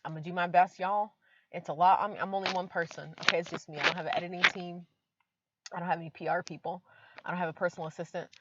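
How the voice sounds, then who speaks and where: A woman's voice: on the low side, level tone, fast, lo-fi sound, noisy background. A woman vlogging from inside her car, chatty and emotional, with many fillers. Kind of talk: casual vlog talk to camera.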